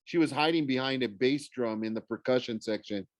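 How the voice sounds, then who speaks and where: A man's voice: medium pitch, fairly quick, no room sound. A man reading a first-person novel chapter aloud in a casual way, often stumbling over words and correcting himself. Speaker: audiobook reader.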